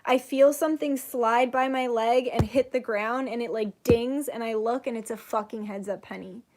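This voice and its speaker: High-voiced swearing young woman storyteller. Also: normal speed, noisy background. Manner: animated, swears freely, acts out quotes. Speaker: channel host, psychic reader. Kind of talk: casual storytelling chat.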